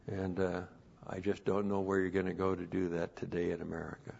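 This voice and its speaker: A man preaching a sermon and teaching the Bible as a pastor, repeating phrases and rising loud to stress a point. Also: deep voice, completely flat delivery, a little fast, creaky, a little hiss or hum. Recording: dull lo-fi recording.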